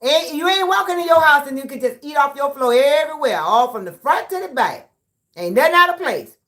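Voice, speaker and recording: A woman hosting a livestream, reading viewer comments aloud and trash-talking back with loud laughter. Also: high-pitched, animated, fairly quick. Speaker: livestream host reading chat. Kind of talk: casual livestream chat.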